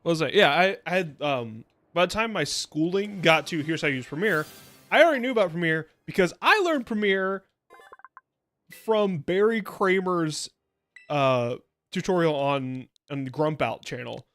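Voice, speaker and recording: Soft music sits behind a young male VTuber who chats casually over his game, rambling, laughing often and slipping into sing-song silliness. His voice is a little high and fairly bright, with lively intonation at normal speed.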